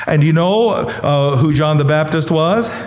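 A pastor whose voice is going hoarse, teaching a Bible study in a conversational way and asking the listeners questions. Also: male voice, a little high, unhurried.

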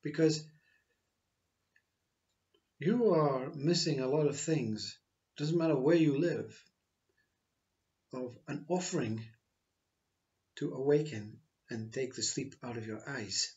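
Slow, reflective man teaching spirituality. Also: mid-range voice, darkish tone, muffled recording. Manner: slow, reflective, repetitive phrasing. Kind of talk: spiritual monologue.

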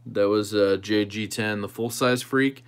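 A man's voice: lowish voice, steady tone, a little slow, clean tone. Easygoing man chatting with livestream viewers. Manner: easygoing, thinking aloud while tinkering with a knife. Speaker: host of a knife channel livestream. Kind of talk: casual livestream chat answering viewers.

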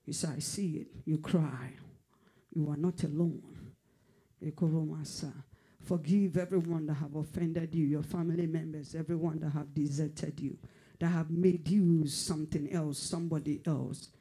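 A fervent male pastor delivering prophecy with a dark, husky tone. He repeats his phrases for emphasis and at times sinks to a whisper. His pitch sits somewhat high for a man. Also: steady tone, moderate pace. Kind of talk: prophetic sermon.

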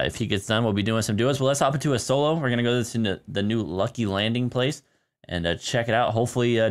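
Young male game streamer, sleepy and relaxed, rambling with fillers, a bit low-pitched. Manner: laid-back, chatty, many fillers. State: tired early-morning voice. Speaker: gaming streamer. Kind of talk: casual live-stream commentary.

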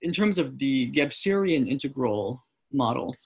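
Mid-pitched, husky-edged male moderator; inquisitive, asks long questions. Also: lively intonation, measured pace. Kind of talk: casual group discussion.

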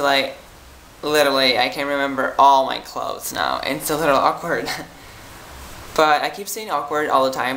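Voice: medium pitch, vocal fry, pushed and bright, echoey room, a little hiss or hum, low-quality recording. A tired young adult from Italy, chatting casually to viewers in a rambling vlog full of "like" and "um". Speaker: vlogger.

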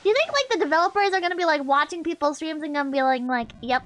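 A woman's voice: high-pitched, expressive, rapid-fire, few pauses, noisy background. A woman streamer giving casual, brash game commentary, swearing often and laughing a lot.

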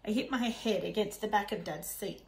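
Slightly gravelly woman narrating a storybook. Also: mid-range voice, moderate pace, low-quality recording. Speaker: audiobook narrator. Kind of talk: first-person storybook narration.

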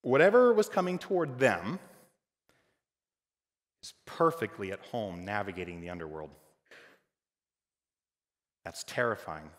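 A man preaching a sermon as pastor, dynamic, moving between loud emphatic lines and quiet, hushed ones. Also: fairly low pitch, very animated, measured pace, pauses often. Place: church hall. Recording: church hall with long reverb.

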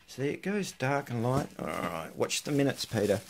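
A man's voice: medium pitch, sing-song, normal speed, vocal fry, a little hiss or hum. A man hosting a casual unboxing vlog, chatting to viewers and muttering asides to himself as he opens his mail. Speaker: host opening mail.

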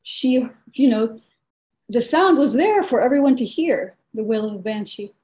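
A woman with a mellow, slightly raised voice tells a heartfelt family story. She speaks softly and hesitantly, pausing on little ums. It sounds like she's talking on a video call. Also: fairly high pitch, animated. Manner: soft-spoken, hesitant with ums. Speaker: call participant.

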